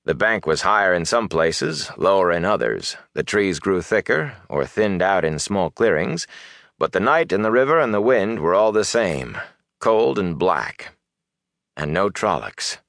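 A man narrating a fantasy audiobook with expressive, lively storytelling. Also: low voice, gravelly, dry recording, studio quality.

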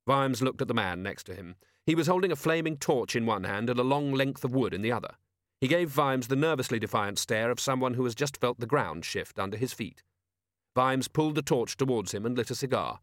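A male narrator reading an audiobook in a measured, wry way. His voice sits at a middle pitch. The recording is dry and close. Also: expressive, no room sound. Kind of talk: scripted narration.

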